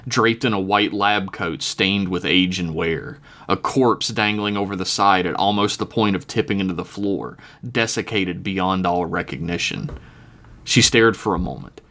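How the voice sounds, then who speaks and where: A man's voice: low-pitched, normal speed, bright, forceful tone. A man reading his own story aloud on a podcast, chuckling now and then at his own jokes.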